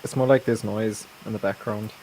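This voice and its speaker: A man's voice: fairly low pitch, fairly even intonation, moderate pace, darkish tone, a little hiss or hum. A man hosting a casual livestream Bible study, easygoing and chuckling, often restarting his sentences.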